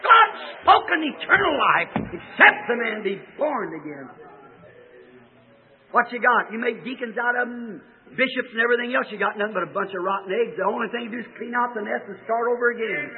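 A man preaching a sermon, telling stories and building from quiet asides to shouted peaks, with a husky voice. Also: very high voice, fairly quick. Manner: storytelling preaching that swings from soft to shouting. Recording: tinny old lo-fi recording.

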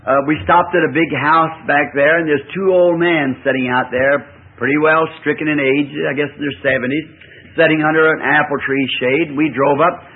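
Folksy preacher on a tinny recording. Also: male voice, fairly high pitch, fairly even intonation, moderate pace, breathy edge. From the American South. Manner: folksy, rambling anecdotal delivery with chuckles. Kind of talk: sermon storytelling.

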